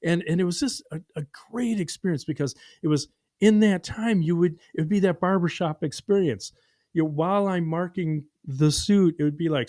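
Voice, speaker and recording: A man's voice: a little high, a little fast, no echo, clean studio sound. A man hosting a podcast who tells stories casually, acting out dialogue and using lots of fillers. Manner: animated, acts out dialogue, many fillers. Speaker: podcast host. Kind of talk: casual storytelling.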